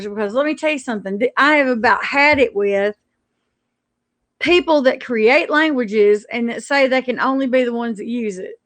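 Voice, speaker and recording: A woman with a fairly high voice rants indignantly on a live stream. She stumbles and restarts her sentences as she goes. The sound is close and dry, with no room around it. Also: moderate pace, fairly bright tone, no echo.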